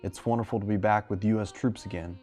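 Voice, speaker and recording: A man reading wartime letters as a young soldier who writes tenderly to his sweetheart, in a gentle, measured way. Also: on the low side, steady tone, faint music behind, lightly acted.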